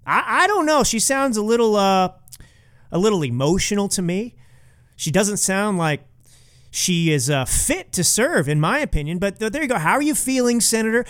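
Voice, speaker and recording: A man's voice: sits high, sing-song, moderate pace, fairly bright tone. A man hosting a political commentary podcast, talking in a sarcastic, mocking way. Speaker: podcast host.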